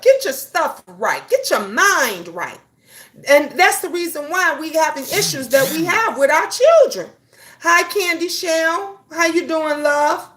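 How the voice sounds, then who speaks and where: A woman with a high-pitched voice hosts a casual live stream, greeting viewers by name between points. Her delivery is blunt and emphatic, like a sermon, and she swears freely. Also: lively intonation, a little slow, a bit bright. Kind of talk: casual live-stream talk reading chat.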